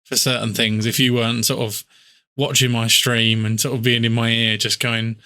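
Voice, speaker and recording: A man co-hosting a casual gaming podcast. He talks haltingly, with many fillers and restarts, and swears freely. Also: medium pitch, flat delivery, pushed and bright, smooth. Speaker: podcast co-host.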